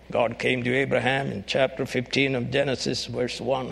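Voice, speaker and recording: A man preaching a sermon, emphatic and rising to shouts on key phrases. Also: mid-range voice, level tone, moderate pace, gravelly, hardly any pauses.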